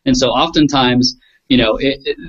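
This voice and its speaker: A man's voice: mid-range voice, fairly even intonation, moderate pace, a bit bright. Man, casual discussion, hesitant, repeats words, muffled lo-fi sound. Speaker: conversation partner. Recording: dull lo-fi recording.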